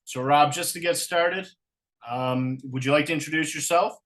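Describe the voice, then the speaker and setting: Male podcast host, a touch high-pitched, relaxed and casual. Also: moderate pace. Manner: easygoing, casual. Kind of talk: podcast hosting.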